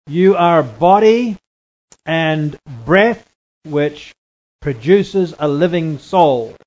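Slow, deliberate male Bible teacher. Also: fairly high pitch, lively intonation, darkish tone, dull audio. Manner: deliberate, repeats key phrases, checks in with "right?". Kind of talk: Bible teaching talk with slides.

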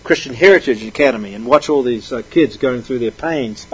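Husky-voiced man preaching emphatically. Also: mid-range voice, a little fast, dull audio. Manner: emphatic, reading scripture aloud and explaining it. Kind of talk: sermon.

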